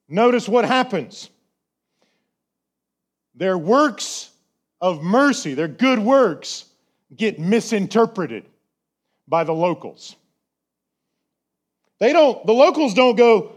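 A pastor preaching a sermon, chatty and full of rhetorical questions, slowing down to stress key words. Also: male voice, high voice, very animated.

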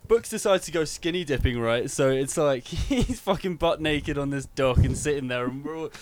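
Man, guest, slightly high voice, casual anecdote, relaxed chat. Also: moderate pace. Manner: loose anecdotal storytelling. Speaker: guest musician.

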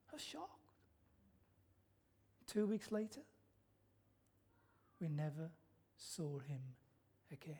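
A man's voice: a little high, very animated, slow pace, long pauses, dark tone, breathy edge. A middle-aged man preaching a sermon in a church, telling stories and asking the congregation questions that he answers himself. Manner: storytelling, asks the congregation questions and answers them. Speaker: pastor.

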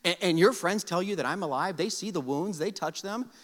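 A man preaching who voices a gentle, patient male teacher in a soft, coaxing tone, heard with long hall reverb. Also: high voice, fairly quick. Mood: reproachful.

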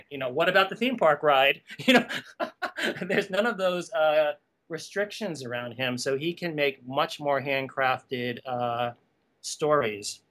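A man speaking as a guest on a podcast interview, an animated storyteller who laughs often and drifts into asides. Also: fairly high pitch, slow pace. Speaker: guest, animation art conservation director.

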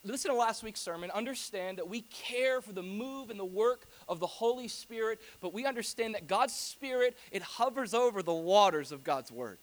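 A man preaching a sermon to his church in a conversational, animated way, with humorous asides to the congregation. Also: sits high, moderate pace, hardly any pauses. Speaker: pastor.

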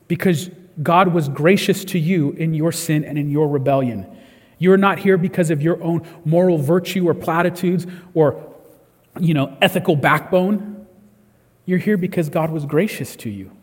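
A man's voice: a little high, darkish tone, slightly rough, long reverb tail. A man preaching a sermon in a conversational way, often restarting his words. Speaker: pastor. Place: church service.

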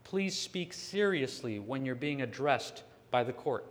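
A man voicing a calm, stern judge in a courtroom, in a sermon retelling. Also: mid-range voice, unhurried, in a large hall, close to an everyday voice.

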